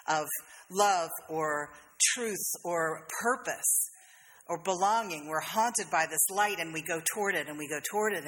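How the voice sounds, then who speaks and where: A woman's voice: lowish voice, a bit bright, big-room sound, a little hiss or hum. A woman pastor, preaching a sermon in a conversational, storytelling way with playful asides. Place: church sanctuary.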